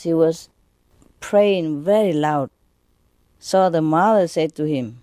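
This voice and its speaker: A woman spiritual teacher telling jokes to an audience in an unhurried way, often laughing at her own punchlines and restarting her phrases. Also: deep voice, dark tone, dry recording.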